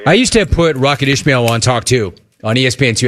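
A man hosting a sports talk show, talking casually in a mocking, animated way with quick asides. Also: mid-range voice. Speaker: sports talk radio host.

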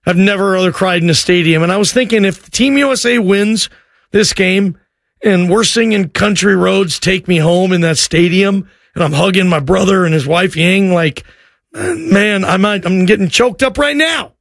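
Excitable high-voiced male radio host. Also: normal speed, no echo, clean studio sound. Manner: excitable, emotional, rambling with restarts. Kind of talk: call-in radio talk show.

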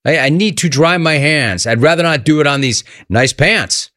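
A man hosting a radio call-in show, riffing sarcastically between callers with animated banter. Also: on the high side, moderate pace, dry recording, clean studio sound.

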